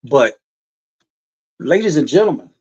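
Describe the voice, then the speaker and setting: A man's voice: a little high, sing-song, a little slow, a little mellow, husky, highs cut off. A middle-aged man hosting a live sports podcast, rambling and emphatic, repeating his points. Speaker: podcast host. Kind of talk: casual sports talk.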